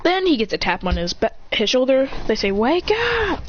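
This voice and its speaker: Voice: mid-range voice, sing-song, fairly quick. A casual storyteller who rambles through a fan story, often restarting sentences and acting out the characters' lines. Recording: dull lo-fi recording with faint hiss.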